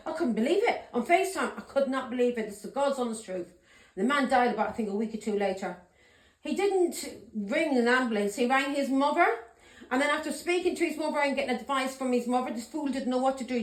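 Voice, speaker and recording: A woman's voice: sits high, echoey room. A woman giving a tarot reading vlog, a blunt, ranting straight talker who swears freely. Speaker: tarot reader.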